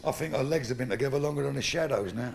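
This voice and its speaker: A man's voice: medium pitch, very fast, gravelly, a crowd in the background. A middle-aged man with a London Cockney accent doing live stand-up, brash and crude, swearing freely and acting out both sides of his stories. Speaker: stand-up comedian. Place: stage in front of a live audience. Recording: noisy live stage recording.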